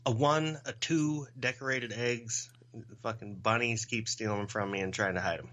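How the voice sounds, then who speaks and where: A man's voice: mid-range voice, fairly even intonation, moderate pace, fairly bright tone. A man co-hosting a casual podcast, wry and profane, often breaking into laughter. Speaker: podcast co-host.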